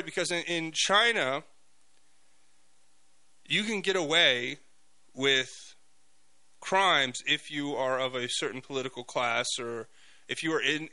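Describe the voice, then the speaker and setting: A man hosting a talk radio show, telling stories in an animated monologue full of fillers and restarts. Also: a little high, rough recording.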